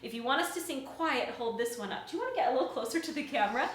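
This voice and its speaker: A woman's voice: sits high, animated, very fast, slight background noise. A woman teaching a children's music class, singing nursery songs and cheerfully coaxing the kids to join in. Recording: echoey room.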